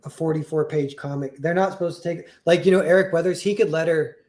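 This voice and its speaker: A man's voice: fairly high pitch, fairly even intonation, fast talker, darkish tone. A young man chatting on a livestream, rambling with lots of "like" and restarts, chuckling as he talks. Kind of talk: casual livestream chat.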